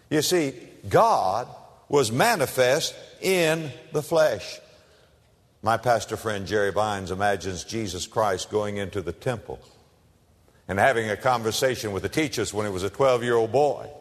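Slow, emphatic preaching man with hall reverb. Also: lowish voice. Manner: emphatic preaching with dramatic pauses and humorous illustrations. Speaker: pastor. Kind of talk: sermon.

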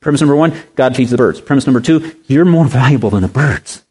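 A man's voice: lively intonation, fast talker, dark tone, slightly rough. A man preaching a sermon, emphatic and repetitive, firing rhetorical questions at his listeners. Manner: pitch swings widely for emphasis.

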